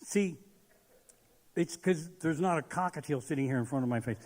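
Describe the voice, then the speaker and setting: A man doing a profane stand-up comedy set on stage, ranting and shouting his punchlines. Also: fairly high pitch, normal speed. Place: live comedy stage in a large hall. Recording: live venue with long hall reverb.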